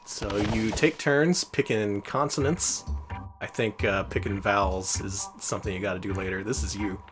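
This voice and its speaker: A man's voice: lowish voice, steady tone, normal speed, music in the background. A man casually commenting while playing a retro game on a stream, joking and sarcastic. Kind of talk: casual let's-play commentary.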